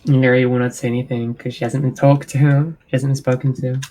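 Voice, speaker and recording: A man playing a tabletop game who explains his character's actions in a hesitant, halting way. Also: medium pitch, flat delivery, mellow, rough recording. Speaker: player. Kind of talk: casual tabletop game talk.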